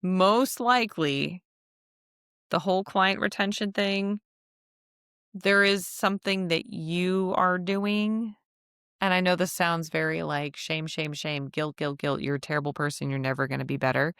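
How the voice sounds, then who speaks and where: Chatty woman podcaster, low smooth voice. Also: steady tone, measured pace, fairly bright tone, no room sound, clean studio sound. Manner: chatty, laughs often, acts out quotes. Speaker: podcast host. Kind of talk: casual solo podcast talk.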